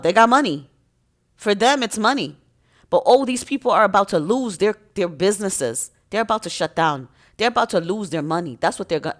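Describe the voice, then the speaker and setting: A woman giving an impassioned, emotional spiritual monologue to her viewers in a preachy, emphatic way. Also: mid-range voice. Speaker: spiritual content creator.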